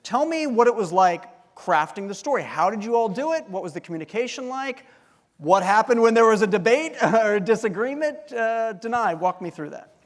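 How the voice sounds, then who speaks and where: A man's voice: high-pitched, expressive, brisk. A man moderating a live panel, eagerly introducing guests and asking questions. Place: large hall. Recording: live hall with crowd, long reverb.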